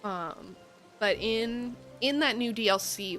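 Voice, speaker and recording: A woman's voice: mid-range voice, lively intonation, takes it slowly, bright, forceful tone, soft background music, poor audio. A young woman from the United States chatting in a rambling way, with plenty of ums and likes, as she streams a cozy game. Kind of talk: casual live-stream chat while playing.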